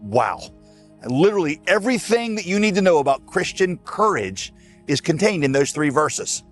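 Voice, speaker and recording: A man's voice: fairly high pitch, sing-song, moderate pace, faint music behind. A man preaching a sermon as a pastor, folksy and emphatic, speaking straight to his listeners.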